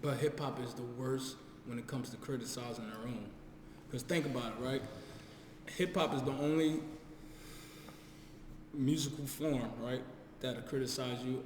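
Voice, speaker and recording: A man's voice: medium pitch, normal speed, pauses often. A man with a mid-range voice chats and argues animatedly, swearing freely. The sound is roomy with long reverb, and a faint ambience hum sits behind him. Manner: animated, emphatic, profane. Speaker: podcast co-host. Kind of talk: casual chat. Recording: echoey room with long reverb.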